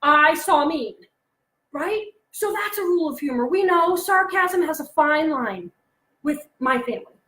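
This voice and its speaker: A woman in her thirties presenting alone to parents, chatty and animated, acting out her son's jokes as she goes. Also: extremely high pitch, moderate pace, roomy sound, low-quality recording. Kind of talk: solo online talk to parents. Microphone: close mic, alone presenting online.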